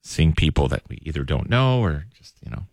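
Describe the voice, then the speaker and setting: A man's voice: a bass voice, very animated, a little fast, vocal fry, dry recording, studio quality. A man hosting a country radio show, bantering playfully and acting out caller bits. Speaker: radio host. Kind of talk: casual morning radio banter.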